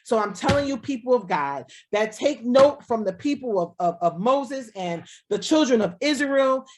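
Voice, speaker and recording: A woman's voice: a little high, lively intonation, moderate pace. A woman pastor preaching a sermon over a video call, repeating lines and speaking as God in the first person.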